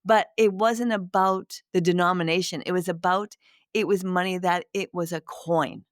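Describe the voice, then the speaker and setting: A middle-aged woman, a spiritual medium, telling a personal story to listeners in a gentle, reflective way with many restarts. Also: lowish voice, fairly even intonation, normal speed, no room sound, studio quality. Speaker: spiritual medium, podcast host.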